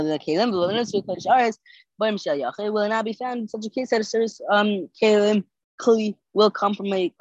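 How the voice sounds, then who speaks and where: A drowsy, yawning podcast host reads the day's Talmud page and translates it line by line, halting often with fillers and self-corrections. The voice is medium in pitch with no room sound, and the highs are cut off.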